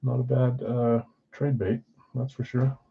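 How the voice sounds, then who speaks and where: A man's voice: mid-range voice, level tone, measured pace, gravelly, husky, highs cut off. A man hosting a live card break from a card shop, reading out names and teams in a casual, tired way. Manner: casual, reads names off a list, tired and yawning.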